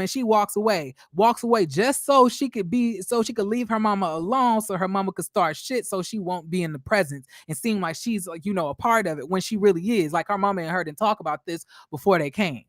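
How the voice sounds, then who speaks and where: A man's voice: sits high, fairly quick, hardly any pauses, a bit bright, no room sound. Sassy guy ranting about a reality show, blunt and profane, dry close mic. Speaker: reality TV recap vlogger. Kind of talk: casual commentary.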